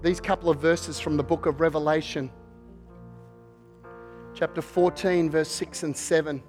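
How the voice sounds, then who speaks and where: A man preaching a sermon as pastor, measured and repeating words as he searches for phrasing, then building to a fervent call near the close. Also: a little high, steady tone, darkish tone, soft background music.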